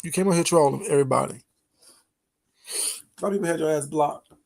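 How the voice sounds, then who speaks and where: A man hosts a casual late-night livestream, gossiping and teasing with his chat and laughing often. His voice is a little high and a little mellow, with vocal fry, and he talks fast.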